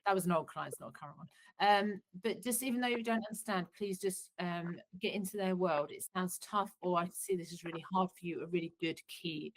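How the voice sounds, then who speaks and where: Earnest woman therapist, lowish voice. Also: brisk, poor audio. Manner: earnest, warm advice with frequent restarts. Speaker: psychotherapist. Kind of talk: online workshop talk.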